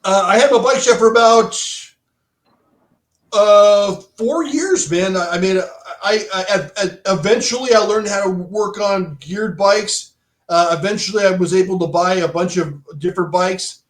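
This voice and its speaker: Speaking unhurriedly in a high-pitched voice, a middle-aged former bike shop owner casually spins stories as a podcast guest. The chat rambles with many restarts and lots of "dude," and the room sounds echoey.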